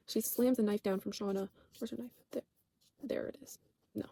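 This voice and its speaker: A woman's voice: mid-range voice, steady tone, unhurried, warm tone, breathy edge. A woman casually recapping a TV show for her channel, rambling, swearing and saying "like" constantly while she corrects herself.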